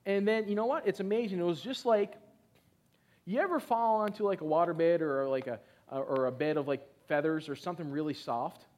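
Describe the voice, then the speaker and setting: Middle-aged preacher guy, high voice, hypes up the church, slows way down on the verses. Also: darkish tone. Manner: exhorting, calls for congregation responses; reads scripture emphatically, slowing on key phrases. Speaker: pastor. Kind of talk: sermon.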